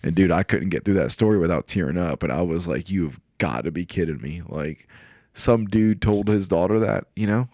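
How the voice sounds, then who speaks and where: A man's voice: sits low, moderate pace, hardly any pauses, darkish tone, dry recording, studio quality. A middle-aged man, a podcast guest, telling personal stories in casual chat with an earnest, emotional manner. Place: podcast studio.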